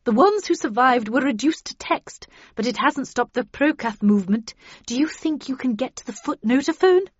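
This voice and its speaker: Brief: woman voicing a stern old agent, grim and brisk; higher voice, lo-fi. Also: animated, slightly rough, no room sound. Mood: urgent.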